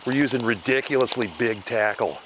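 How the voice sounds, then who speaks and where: A man's voice: mid-range voice, fairly quick, noisy background. A man talking casually to the camera while fishing and cooking outdoors in the woods, joking and mocking himself. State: out of breath at times. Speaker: outdoor vlogger. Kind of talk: casual outdoor vlog talk.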